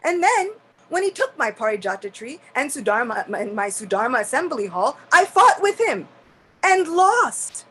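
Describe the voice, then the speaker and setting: A woman's voice: on the high side, animated, fairly quick, a bit bright, slight background noise, rough recording. A woman voicing Indra, a proud male king of heaven who confesses his faults with indignant outbursts, in a devotional story. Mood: aggrieved.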